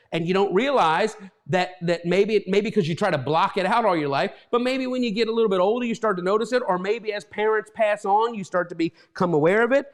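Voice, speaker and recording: A man's voice: high voice, a little fast. A middle-aged man preaching an informal sermon as a pastor, rambling with many repeated words and restarts, getting emotional.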